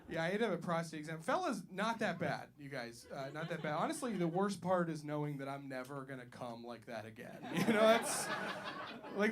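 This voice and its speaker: Young guy doing standup, high voice that swings around a lot, goes loud on the bits. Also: noisy background. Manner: animated, jumps loud for acted-out lines. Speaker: stand-up comedian. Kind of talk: stand-up comedy set. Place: small comedy club stage.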